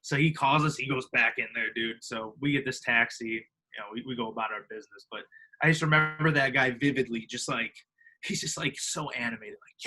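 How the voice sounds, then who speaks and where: Animated young man telling stories. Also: medium pitch, a little fast, poor audio. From Illinois, US. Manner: animated, acts out other people, heavy filler words, laughs often. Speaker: podcast guest. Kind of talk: casual storytelling.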